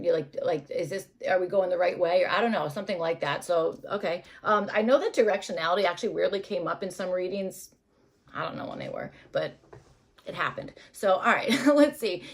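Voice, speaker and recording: A young adult woman doing a casual tarot reading, rambling and hesitant with many fillers. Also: mid-range voice. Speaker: tarot reader.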